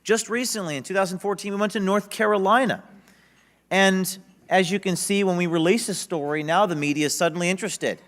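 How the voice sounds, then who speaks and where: A man giving an energetic, emphatic speech at a conference. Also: high voice, brisk. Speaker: conference speaker. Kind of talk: public speech. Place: conference stage.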